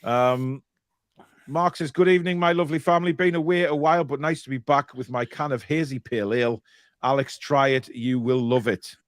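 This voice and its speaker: A man's voice: mid-range voice, fairly even intonation, fairly quick, no room sound, studio quality. A middle-aged man co-hosting a casual live stream, reading out viewer comments in a jokey, rambling way with many restarts.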